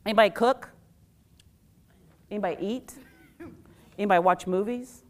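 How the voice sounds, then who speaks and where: A woman presenting a workshop to a live audience, playful and animated, asking questions and pulling the room in. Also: mid-range voice, normal speed. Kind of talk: lively talk to a live audience.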